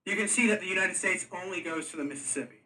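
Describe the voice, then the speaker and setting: A man running a tabletop game, talking casually and haltingly with many restarts. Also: high voice, pushed and bright, far from the mic, low-quality recording. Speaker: game master. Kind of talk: casual chat. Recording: voice from off the mic.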